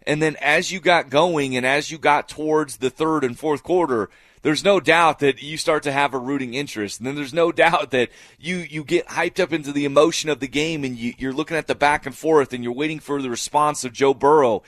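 A man's voice: a little high, a little fast, a bit bright, dry recording, studio quality. A man co-hosting a sports talk show, making his points with emphatic repetition. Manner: emphatic, repeating phrases for effect. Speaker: sports radio co-host.

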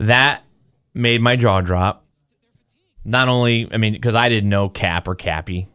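Low-voiced man telling a story. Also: unhurried, smooth. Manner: animated retelling, acts out quotes. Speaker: podcast host. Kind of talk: casual storytelling.

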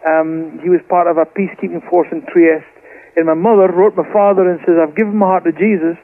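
A man's voice: high-pitched, flat delivery, fairly quick. A Scottish man from Scotland, a guest preacher telling his family's testimony with fervour and frequent repeated words, heard over a phone line. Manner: fervent, repeats words while telling the story. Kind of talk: impassioned testimony storytelling.

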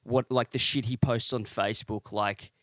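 A man's voice: mid-range voice, fairly even intonation, normal speed, fairly bright tone, no echo. A young Australian man co-hosting a casual chat, laid-back and easygoing. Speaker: podcast co-host.

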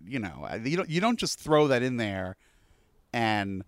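A man's voice: mid-range voice, big pitch swings, measured pace, no echo, studio quality. A man co-hosting a podcast, chatting casually and rambling about a TV episode with lots of fillers. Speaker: podcast co-host.

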